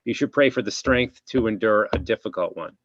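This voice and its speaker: A man's voice: on the low side, a little fast, dry recording. A man hosting a casual interview chat, talking in a rambling, reflective way. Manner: rambling, reflective, many restarts. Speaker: podcast host, chiropractor. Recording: dull, dry lo-fi sound.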